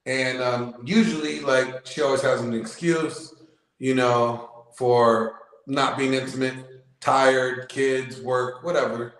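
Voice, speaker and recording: A man's voice: medium pitch, steady tone, slow pace. A man, a guest in a casual chat, tells a long anecdote full of ums and you-knows. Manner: rambling anecdotes with filler words. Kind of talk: casual storytelling. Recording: very echoey room.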